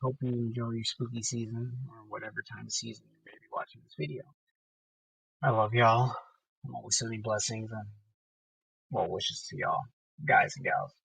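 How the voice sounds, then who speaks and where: A man's voice: medium pitch, fairly even intonation, normal speed, gravelly, a bit bright, breathy edge, dry recording, low-quality recording. A man in a casual, blunt and profane vlog monologue, recorded on a phone inside his car. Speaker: horror movie vlogger. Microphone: phone held away from the mouth.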